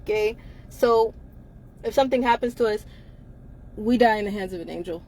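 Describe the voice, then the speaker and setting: A woman's voice: mid-range voice, moderate pace, darkish tone. A woman co-hosting a casual live-stream chat from inside a car, blunt and emphatic, laughing often between her lines.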